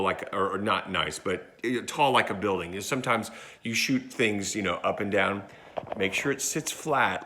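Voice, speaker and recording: A man's voice: lowish voice, sharp tone. Chatty man giving phone-filming tips. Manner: chatty, demonstrates as he goes. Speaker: church video instructor. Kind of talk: casual how-to tutorial. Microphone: phone about a foot away.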